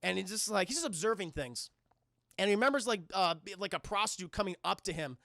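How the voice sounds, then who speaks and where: A man talks straight to his stream chat, retelling a movie with animated, rambling energy and plenty of swearing. his voice is bright with a gravelly fry, and the sound is close and dry. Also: high voice, quick pace, dry recording. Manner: animated, profane, rambling storytelling. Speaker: film reviewer streaming to chat. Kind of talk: casual livestream film recap.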